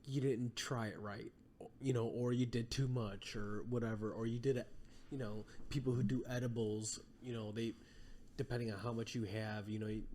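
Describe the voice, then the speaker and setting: A man's voice: medium pitch, a little mellow, slight background noise. A man as a podcast guest, telling long rambling stories in casual chat, full of fillers. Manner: rambling storytelling with many fillers.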